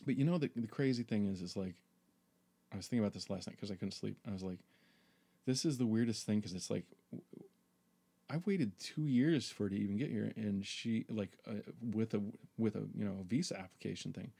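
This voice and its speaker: A man's voice: on the low side, fairly quick, gravelly, mellow, breathy edge. A man hosting a podcast, telling a personal story in a rambling, profane monologue full of fillers. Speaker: podcast host.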